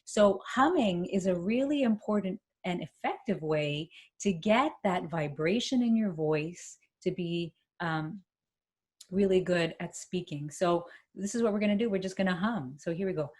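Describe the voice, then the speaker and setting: A woman presenting a workshop, demonstrating a vocal warm-up with hums and chants and encouraging her listeners. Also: lowish voice, expressive, normal speed, breathy edge. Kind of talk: instructional workshop talk. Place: home, speaking to camera.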